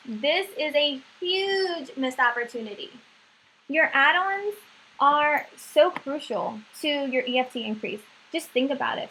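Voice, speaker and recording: Woman, high voice, bright and forceful, sales trainer coaching staff, keeps asking "right?". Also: slight background noise, rough recording. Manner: coaching, checks in with "right?" often.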